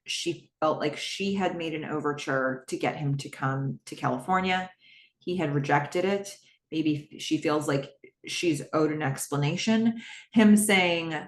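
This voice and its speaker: A woman's voice: on the low side, echoey room. A woman hosting a podcast, recapping a TV episode in casual talk, chatty with exasperated asides and lots of fillers. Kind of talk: casual solo recap, reading out scenes.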